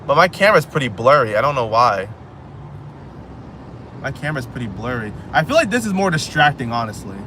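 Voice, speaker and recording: A man's voice: mid-range voice, sing-song, fairly quick, long pauses, pushed and bright. A man live streaming while he drives, rambling casually and joking at himself. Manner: rambling, self-joking, repeats phrases. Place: inside a car on a highway. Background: faint road and car noise.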